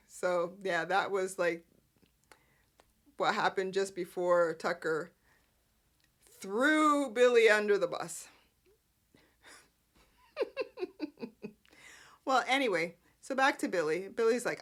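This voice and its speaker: A woman's voice: medium pitch, animated, takes it slowly, long pauses, a bit bright. A woman hosting a podcast, recapping soap opera episodes in a chatty, sarcastic way with lots of "like" fillers. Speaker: podcast host.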